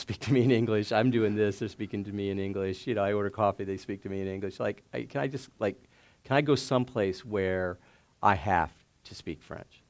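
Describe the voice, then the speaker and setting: Gravelly laughing man telling stories onstage. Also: low-pitched. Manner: animated, laughs often, many fillers and restarts. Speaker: startup founder and guest. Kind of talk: casual onstage storytelling. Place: stage before a live audience.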